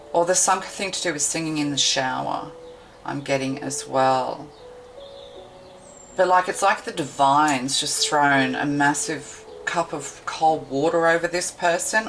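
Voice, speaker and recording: Low-voiced woman giving a tarot reading. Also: a bit bright, a little hiss or hum, poor audio. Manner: meandering, intuitive, thinking aloud with many fillers. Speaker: tarot reader. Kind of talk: tarot card reading to camera.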